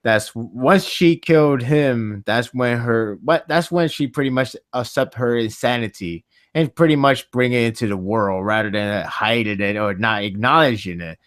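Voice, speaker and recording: A man hosting a casual podcast chat, rambling and animated, laughing often. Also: medium pitch, normal speed, hardly any pauses, dry recording, clean studio sound. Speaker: podcast host.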